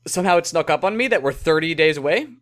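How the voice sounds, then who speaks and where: A man's voice: fairly high pitch, animated, quick pace, fairly bright tone. A man co-hosting a casual sports podcast, joking around and tripping over names as he reads. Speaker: podcast co-host. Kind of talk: casual chat.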